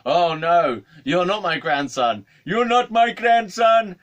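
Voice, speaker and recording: A man voicing a confused elderly man with dementia, speaking slowly in a high, drawn-out voice. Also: lightly acted. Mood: upset. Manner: slow, high, drawn-out pleading.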